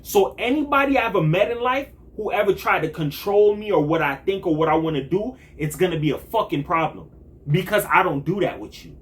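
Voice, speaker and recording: A young man giving a blunt, animated monologue full of street slang and profanity, acting out other people's voices as he tells his story. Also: high-pitched, fairly quick. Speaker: vlogger. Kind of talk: casual monologue to camera.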